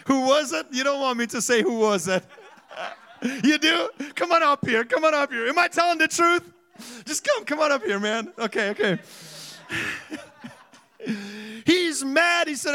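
A man preaching a sermon as a pastor, telling self-mocking stories, laughing often and rising to loud bursts. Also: very high-pitched, expressive, a little slow.

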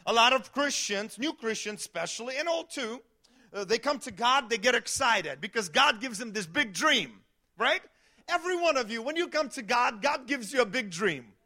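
A male pastor preaches with a very high, bright voice. He delivers his sermon in an animated way, acting out quotes and at times raising his voice to a shout. He often repeats words and restarts phrases as he goes. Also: moderate pace.

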